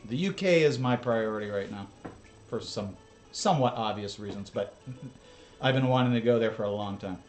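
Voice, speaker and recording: A man's voice: fairly low pitch, normal speed, darkish tone, faint music behind. An American man chatting casually as he watches drone footage with his viewers, rambling through asides and chuckles. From United States. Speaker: channel host. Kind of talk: casual reaction commentary.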